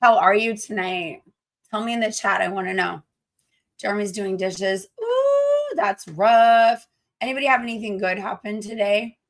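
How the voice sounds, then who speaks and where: Hoarse, gravelly-voiced woman teacher. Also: mid-range voice, steady tone, normal speed. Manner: gushing, affectionate to viewers. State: hoarse from damaged vocal cords. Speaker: teacher hosting a livestream. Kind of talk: casual livestream chat.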